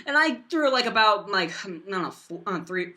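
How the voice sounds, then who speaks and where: A teenage boy vlogger telling a rambling storytime, full of fillers and bursts of loud silly voices. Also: high voice, animated, moderate pace. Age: teens.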